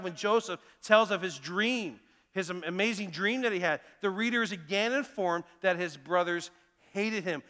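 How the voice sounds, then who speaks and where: A middle-aged man preaching a sermon as pastor, telling personal stories earnestly, moving between emphatic lines and hushed ones. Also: on the high side. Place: church sanctuary. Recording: long church reverb.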